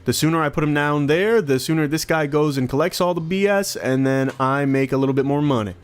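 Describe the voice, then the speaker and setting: A young man giving casual, rambling gameplay commentary, self-mocking and exasperated, jumping into high squeaky yelps when excited. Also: brisk, clean tone, soft background music. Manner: swings to sudden high-pitched excited squeals. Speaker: gaming commentator.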